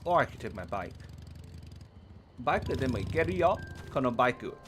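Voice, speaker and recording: A man streaming a video game, reacting in an excitable, playful way and chattering to himself as he plays. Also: mid-range voice, a little fast. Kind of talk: live gameplay commentary. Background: game music.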